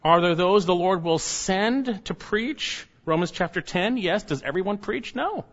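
A man's voice: high-pitched, expressive, unhurried. Emphatic preaching man, slightly muffled. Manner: emphatic preaching, rhetorical questions, drops soft on closing words. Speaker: pastor. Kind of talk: sermon. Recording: slightly dull lo-fi sound.

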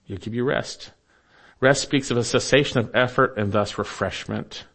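A male pastor delivers a sermon in an earnest, measured way. His voice sits at an ordinary middle pitch. He slows for emphasis and lets his phrases fall quiet at the ends.

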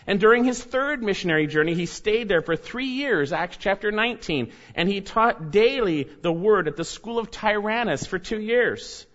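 A man preaching a sermon, earnest and steady, reading scripture aloud with rising emphasis. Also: high-pitched, moderate pace, hardly any pauses. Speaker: pastor. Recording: dull lo-fi sermon recording.

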